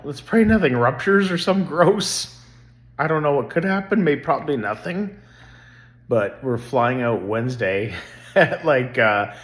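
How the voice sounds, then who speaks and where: A middle-aged man rambling earnestly about faith and family in a casual vlog. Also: medium pitch. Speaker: vlogger.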